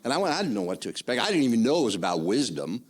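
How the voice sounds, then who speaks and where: An older man giving a spoken testimony in church, rambling and excitable, with many restarts. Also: medium pitch, racing.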